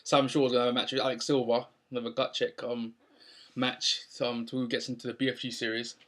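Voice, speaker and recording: A man's voice: medium pitch, level tone, fast, a bit bright. A young man recapping a wrestling show in a casual, rambling way with lots of ums. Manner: rambling, many ums and restarts.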